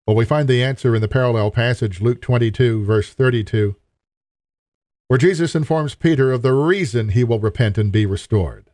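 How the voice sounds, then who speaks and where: A man's voice: medium pitch, moderate pace, a little mellow, no echo, clean studio sound. A man preaching a sermon in an earnest, emphatic way, appealing directly to his listeners.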